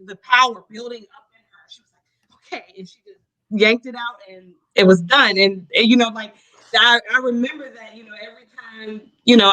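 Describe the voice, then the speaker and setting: A woman's voice: fairly high pitch, sharp tone, low-quality recording. A woman guest, a mother, talking earnestly in a casual interview and filling her speech with "you know".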